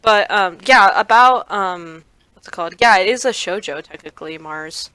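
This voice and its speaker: A woman's voice: mid-range voice, lively intonation, normal speed, sharp tone, clear, resonant tone. A woman co-hosting a podcast in casual chat, agreeable and steering the talk with questions. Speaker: podcast co-host.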